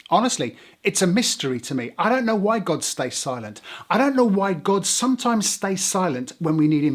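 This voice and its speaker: An English man preaching a sermon as a pastor, earnest and conversational, asking rhetorical questions. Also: on the high side.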